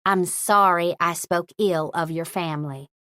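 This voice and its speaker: A woman's voice: fairly low pitch, steady tone, a little slow, bright, forceful tone, smooth, no room sound, studio quality. A woman voicing a gossipy, chain-smoking small-town beautician with a catty, nosy manner. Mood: flustered.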